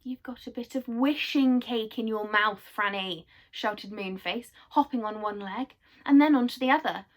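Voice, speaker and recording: A woman voicing an excitable magical man from a storybook, yelling frantically. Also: mid-range voice, moderate pace, hardly any pauses, natural voice. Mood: urgent.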